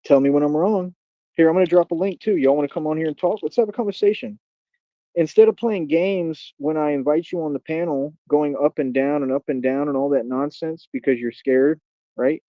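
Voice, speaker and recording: A man's voice: a little high, fairly quick, no room sound. A man hosting his own live stream, taunting his critics in a combative, repetitive way. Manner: combative, taunting, repeats catchphrases. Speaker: livestream host. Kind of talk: casual live-stream rant. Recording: dull, dry home stream audio.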